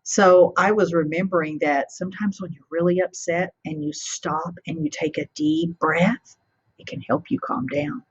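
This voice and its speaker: A woman teacher reads a picture book to children and keeps stopping to ask them questions. Her voice is lowish and breathy, and she talks slowly. The recording sounds dull and lo-fi. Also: lively intonation. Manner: warmly interactive, asking children questions.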